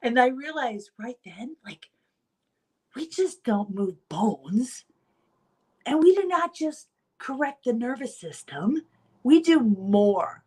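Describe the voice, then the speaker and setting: A woman's voice: on the high side, sing-song, slow, darkish tone, husky. Earnest woman chiropractor, emphatic. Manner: repeats key phrases for emphasis. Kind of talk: motivational talk to fellow chiropractors.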